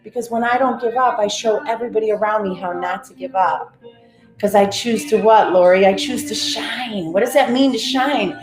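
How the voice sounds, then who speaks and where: A middle-aged woman leads a live-streamed breathing and affirmation session with an energetic, encouraging drive, calling out viewers by name. Her voice sits in a roomy, echoey space. Faint music plays underneath. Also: mid-range voice, moderate pace.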